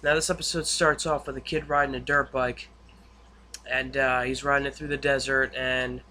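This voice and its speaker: A man's voice: medium pitch, pushed and bright, a little hiss or hum. A young man recapping a TV episode in casual, rambling speech with many fillers and restarts. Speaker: YouTube reviewer.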